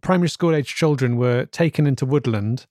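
In a scripted comedy podcast, a man plays an earnest, radio-style interviewer and presenter who is hesitant and polite, probing with careful questions. His medium-pitched, mellow voice moves a little fast and sounds close to everyday speech, with a clean, dry studio recording.

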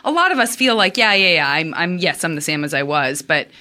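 Podcast host, thoughtful, bright crisp voice. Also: female voice, low voice, expressive, brisk. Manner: reflective, thinks aloud. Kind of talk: casual interview.

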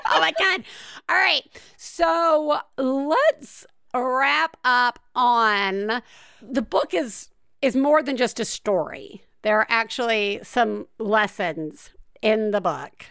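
A woman's voice: on the high side, slow pace, vocal fry, a bit bright, clear, resonant tone, dry recording. A woman hosting a podcast, chatting casually with an enthusiastic, giggly manner on a close mic. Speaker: podcast host.

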